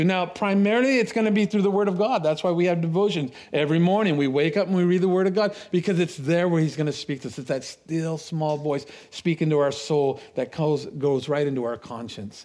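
A middle-aged man preaching a sermon, telling stories with laughs and restarts, animated. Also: fairly high pitch, brisk, few pauses. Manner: storytelling, animated, with laughs and repeated words.

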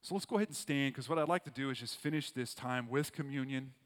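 A man's voice: medium pitch, fast talker. Earnest male pastor in a reverberant hall. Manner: earnest, repetitive, emphatic phrasing. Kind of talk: sermon. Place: church auditorium.

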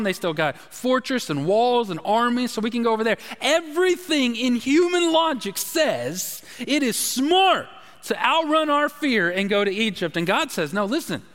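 High-voiced preacher in a reverberant hall. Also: male voice, fairly bright tone. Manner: repetitive, emphatic preaching with many restarts. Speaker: pastor. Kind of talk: sermon.

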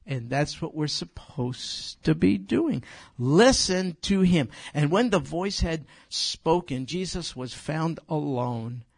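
A man's voice: a little high, animated, slow pace, gravelly, hardly any pauses, no room sound, clean studio sound. An older man leading an informal Bible study, emphatic and conversational, speaking directly to his listeners. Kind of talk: informal Bible teaching to a group.

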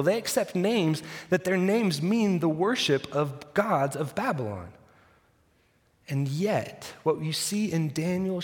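A man preaches a sermon, retelling the story with dry humor and acting out the quotes. His voice sits a bit high for a man. It rings with the long reverb of a large church hall. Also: a little mellow. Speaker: pastor.

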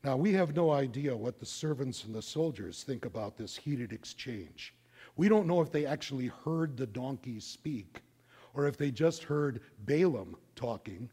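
A middle-aged man preaching a sermon, telling a story in an animated, conversational way. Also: medium pitch, normal speed, husky. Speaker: pastor.

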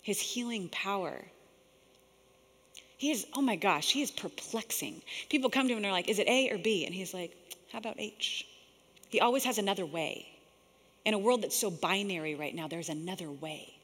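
A woman preaching a sermon in a lively, conversational way, often laughing and dropping to a whisper for quoted lines. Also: medium pitch, normal speed. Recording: long hall reverb.

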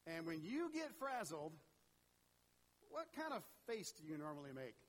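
Animated high-voiced male preacher. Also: normal speed, rough recording. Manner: animated, conversational, talks straight to the congregation. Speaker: pastor. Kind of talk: sermon.

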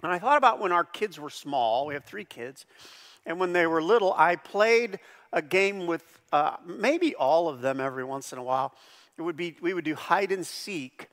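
A middle-aged man preaches with a high, bright, forceful voice. He is animated and jumps louder and higher on the words he stresses. His voice rings out with a long reverb, as in a large church sanctuary. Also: moderate pace. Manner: animated, bursts loud and high on emphasized phrases. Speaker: pastor. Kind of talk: sermon.

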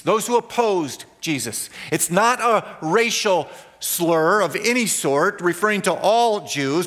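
High-voiced preaching pastor in a hall. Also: male voice, fairly bright tone. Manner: emphatic preaching, repeating key phrases, slowing for stress. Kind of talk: sermon. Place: church sanctuary.

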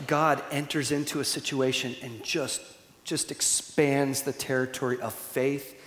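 A man leading a church series, speaking earnestly and emotionally with many halting restarts. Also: medium pitch. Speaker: church leader. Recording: roomy hall with long reverb.

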